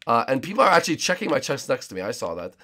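A young man hosting a gaming channel, giving excited gameplay commentary in a hyped way, repeating himself and calling out other players. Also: medium pitch, rapid-fire.

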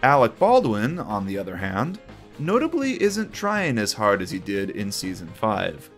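Man, video essay host, conversational review, lively intonation. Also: lowish voice, a little slow, faint music behind. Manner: opinionated, conversational commentary. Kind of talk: reviewing a children's TV series.

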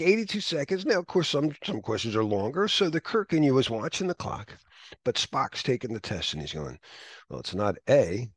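A man's voice: mid-range voice, breathy edge, no room sound. A man teaching an exam prep class in a chatty, anecdotal lecture style, often laughing.

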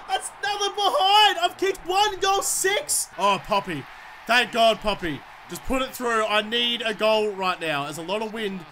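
A man giving excitable let's-play commentary, swearing and shouting at the game as he plays. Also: high voice, a little hiss or hum. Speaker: gamer.

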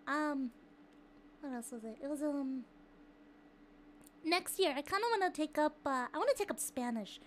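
A young woman with a high, bright voice talking casually to her live chat audience. She is chatty and excitable, laughs a lot, and swears without a second thought. A faint hiss of noise sits under her voice. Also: normal speed, long pauses. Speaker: live streamer.

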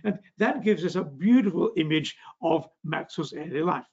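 Older scottish guy from the northeast lecturing on physics, gravelly and a bit husky, kinda muffled audio. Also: fairly high pitch, lively intonation, normal speed, a little mellow. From Scotland. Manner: genial, frequent uh fillers and restarts. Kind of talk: public science lecture with slides.

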